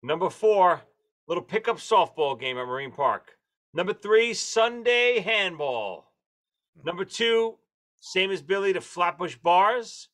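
A man in casual chat, chiming in quickly and running through a list. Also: sits high, very animated, fairly bright tone. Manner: quick back-channel, reads out a ranked list.

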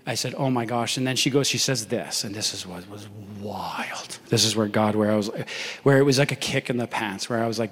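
A young man preaching a sermon, animatedly acting out the voices in his story. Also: mid-range voice. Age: young adult. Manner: animated, acts out dialogue in story. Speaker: pastor. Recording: long hall reverb.

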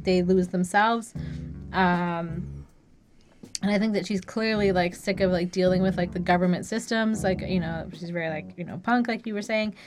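Woman chatting with constant "like". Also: mid-range voice. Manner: filler-heavy, constant "like". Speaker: album review co-host. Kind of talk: casual review chat.

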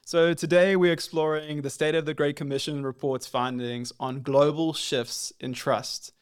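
A man hosting a podcast, who asks his questions in a measured and reflective way. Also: fairly high pitch, steady tone, clean tone. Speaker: podcast host. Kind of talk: interview questions.

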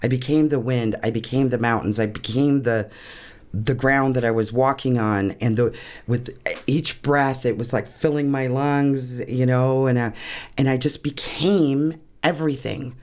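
A woman's voice: rumbling low, fairly even intonation, unhurried, a little mellow. A woman telling an emotional personal story in an interview, earnest and often laughing, tearing up as she talks. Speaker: guest.

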